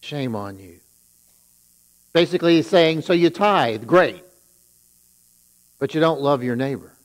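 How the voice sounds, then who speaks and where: A man preaching from the pulpit, his voice sitting a little high. He retells scripture in his own words and leans hard into each warning. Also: normal speed, poor audio. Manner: paraphrases scripture with rising emphasis on the woes. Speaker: pastor. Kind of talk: sermon.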